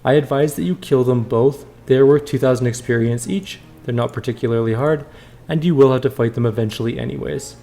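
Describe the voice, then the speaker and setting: A let's play host talks through the game with wry asides in a mellow, warm voice. His pitch sits at a middle level for a man. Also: brisk, vocal fry. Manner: reads dialogue aloud, wry asides. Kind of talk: casual game commentary.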